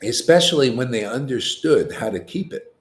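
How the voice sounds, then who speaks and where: A man of ordinary pitch gives an informal devotional talk as a spiritual teacher. He speaks colloquially and keeps turning to rhetorical questions. His voice climbs when he drives a point home. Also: lively intonation, moderate pace.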